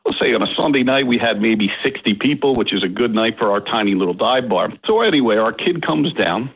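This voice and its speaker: Lively, slightly husky middle-aged bar owner, storyteller, dull lo-fi recording. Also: male voice, mid-range voice, fairly quick. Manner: animated storyteller, voices his kids. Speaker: dive bar owner, guest. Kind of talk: casual podcast chat.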